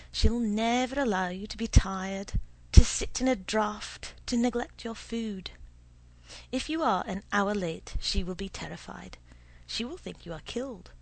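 A woman voicing a sly old male potion seller who speaks slowly and suavely, with a husky, gravelly voice. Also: mid-range voice. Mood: knowing. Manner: slow, suave, insinuating.

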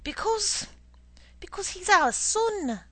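A woman's voice: fairly high pitch, very animated, unhurried, fairly bright tone, dry recording, pitched above the performer's own voice, heavily acted, rough recording. Woman reading as an indignant, worried wife. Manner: pleading, indignant.

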